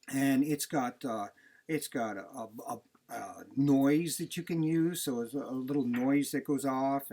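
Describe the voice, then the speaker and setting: A man's voice: mid-range voice, darkish tone. A man, a dog breeder, giving plain-spoken, conversational advice in a casual talk.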